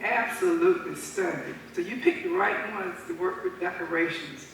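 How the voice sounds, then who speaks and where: A woman's voice: on the low side, normal speed, fairly bright tone, a little hiss or hum. A woman in her seventies giving a thank-you speech at her own birthday party, telling stories with frequent chuckles and restarts. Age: 70s. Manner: chuckling, loose speaker who restarts phrases. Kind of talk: warm, unscripted storytelling speech. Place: large event hall at a birthday party. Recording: echoey hall recorded from far off.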